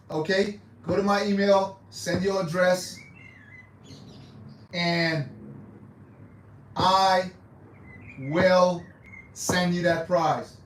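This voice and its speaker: A man's voice: high voice, a little hiss or hum. A man hosting a casual livestream, rambling and repeating himself with hesitant restarts. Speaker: livestream host. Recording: echoey room, mic far off.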